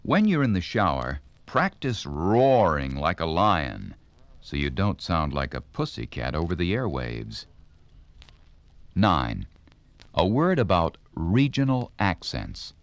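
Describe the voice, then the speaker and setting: A deep-voiced man reads a scripted instructional narration at an unhurried pace. His delivery is clear and deliberate, like a radio announcer, and his pitch rises and falls with lively emphasis. The recording is dry and close, with no room sound. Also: no echo.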